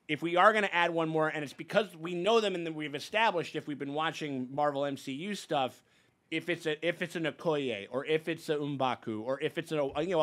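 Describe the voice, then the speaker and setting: A man's voice: a little high, a bit bright. Rambling man hosting a reaction chat. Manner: rambling, many restarts and fillers, swears freely. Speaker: reaction show host. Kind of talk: casual chat.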